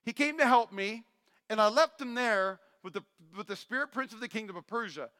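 A male pastor preaching a sermon, animated and joking, acting out Bible characters' lines. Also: high voice, fairly quick. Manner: animated, acts out voices of Bible figures, jokey asides. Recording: long hall reverb.

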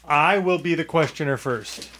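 A man's voice: fairly high pitch, normal speed, fairly bright tone. A man hosting a casual podcast, teasing his co-host and explaining the rules of a game.

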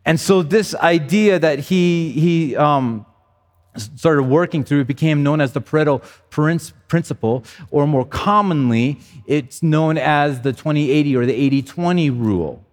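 A man's voice: fairly high pitch, a little slow, in a large hall. A male pastor preaching a sermon in a conversational way, often repeating words as he goes.

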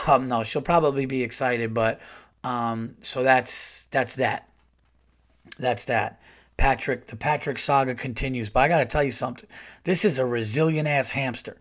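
A middle-aged man hosts his podcast and tells a long story in a loose, casual way. He rambles, swears freely and gets animated as he goes. His voice sits at an ordinary pitch for a man. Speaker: podcast host.

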